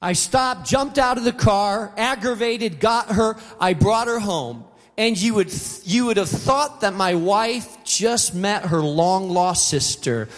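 Man, pastor, sermon, high voice, storytelling, long hall reverb. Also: lively intonation, slow. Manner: storytelling, acts out quoted voices. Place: large auditorium.

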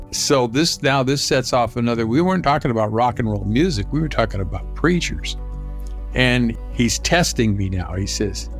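A man's voice: medium pitch, expressive, normal speed, faint music behind. Older man spinning a rambling anecdote. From Southern California. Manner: rambling, lifts his voice to act out quoted lines. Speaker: storyteller. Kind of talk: personal anecdote.

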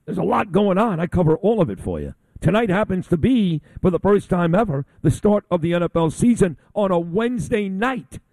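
Combative talk radio host, lively pitch. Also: male voice, fairly quick, hardly any pauses, no echo. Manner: blunt, combative, insulting ranting. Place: broadcasting on location from a convention.

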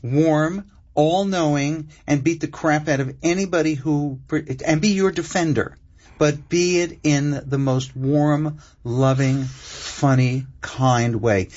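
A man's voice: fairly high pitch, slow pace, darkish tone. An older man, a writer guest, telling stories expansively in an interview and laughing at himself. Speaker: screenwriter guest. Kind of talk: animated interview storytelling. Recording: muffled broadcast audio.

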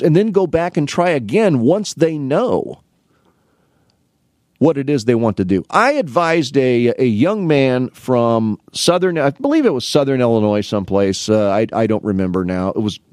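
A middle-aged man from the Midwest United States tells casual stories about advising students. He talks with lively rises and falls in pitch and acts out both sides of each exchange. His voice sounds dry and close, with no room sound. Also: normal speed, no echo. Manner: rambling anecdotes with restarts, acting out both sides of conversations. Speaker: college academic advisor. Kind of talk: casual storytelling monologue.

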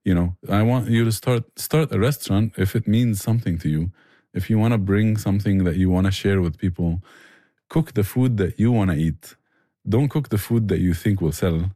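A man's voice: fairly low pitch, moderate pace, warm tone, no echo, clean studio sound. A man, a barbecue restaurant owner answering interview questions earnestly and enthusiastically, often restarting his phrases.

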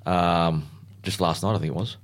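A man hosting a casual radio sports chat, chatty and halting with fillers. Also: low voice, fairly even intonation.

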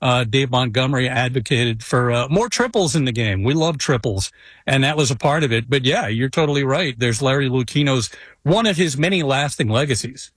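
A man guesting on a casual sports chat, upbeat and relaxed. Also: mid-range voice, brisk, slightly rough, dry recording. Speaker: guest, graphic artist and author.

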